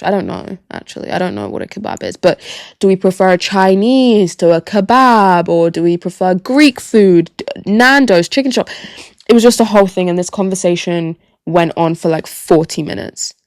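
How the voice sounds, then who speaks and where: A young woman, telling stories on her solo podcast, animated and sweary, repeating phrases for emphasis. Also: mid-range voice, normal speed, no room sound, clean studio sound. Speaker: podcast host. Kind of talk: casual solo storytelling.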